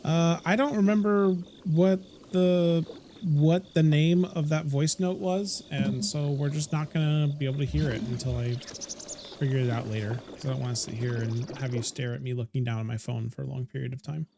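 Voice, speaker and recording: A man with a voice on the high side, fairly even intonation, and normal speed live-streams a game over a noisy background. In casual chat with his viewers, he rambles, talks straight to chat, and often stops to correct himself.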